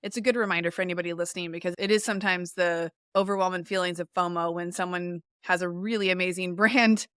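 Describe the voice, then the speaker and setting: A woman's voice: on the low side, fairly even intonation, quick pace, hardly any pauses, fairly bright tone, smooth, no room sound, studio quality. A woman hosting a podcast, talking in a thoughtful, reflective way as she steers the conversation. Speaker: podcast host. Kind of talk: casual podcast interview.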